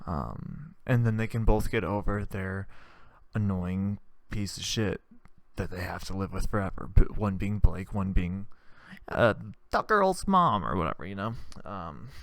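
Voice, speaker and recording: A man's voice: fairly low pitch, lively intonation, measured pace, vocal fry, dry recording. A man hosting a comedy podcast, telling a crude, rambling comic story. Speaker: podcast host. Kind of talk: comedic monologue.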